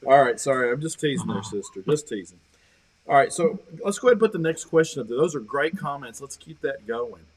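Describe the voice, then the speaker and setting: A man leading a church Bible study livestream, guiding the group with questions and gentle teasing. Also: mid-range voice, expressive, brisk, slightly rough, low-quality recording. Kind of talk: casual livestream discussion.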